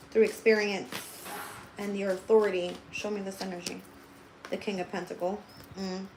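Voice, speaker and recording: A woman's voice: medium pitch, reverberant, slight background noise, rough recording. A woman giving a livestream tarot reading. She talks straight to her viewers, blunt and heavily profane, and thinks aloud as she turns the cards. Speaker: tarot reader.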